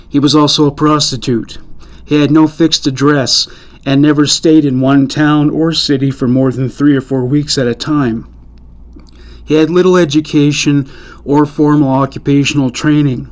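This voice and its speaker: A man narrating a true-crime story in a measured, even storytelling manner. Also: fairly high pitch.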